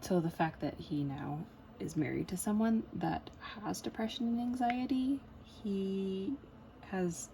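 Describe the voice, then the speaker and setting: A woman's voice: mid-range voice, unhurried, vocal fry, mellow, a little hiss or hum, rough recording. Chatty woman rambling over crafts. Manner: rambling, chatty, with frequent fillers and laughs. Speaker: crafting vlogger. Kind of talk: casual chat while diamond painting.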